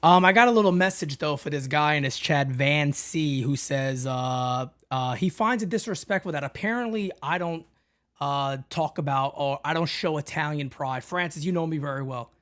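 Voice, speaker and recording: A man's voice: on the high side, normal speed, fairly bright tone. A man from the Bronx with a Bronx New York accent, co-hosting a fan talk show in casual chat, brash and swearing freely.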